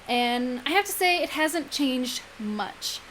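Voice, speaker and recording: A woman's voice: high voice, lively intonation, takes it slowly, fairly bright tone, a little hiss or hum, poor audio. A young woman chatting casually in a vlog, full of ums and likes. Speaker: vlogger. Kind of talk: casual pregnancy vlog chat.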